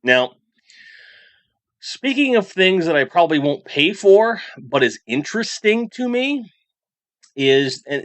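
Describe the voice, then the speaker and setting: Hosting a casual toy news livestream, a man reads out super chats from viewers and chats loosely, restarting often. His voice is medium-pitched and a bit bright, in a dry recording.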